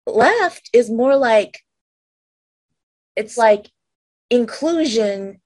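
Animated woman hosting an interview. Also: medium pitch, unhurried. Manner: enthusiastic, agreeing, emphatic. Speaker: interview host. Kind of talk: conversational interview.

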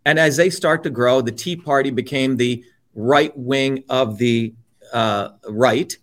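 A man's voice: medium pitch, unhurried. A middle-aged man from India, an interview guest delivering a heated political monologue, blunt and profane, with mocking asides.

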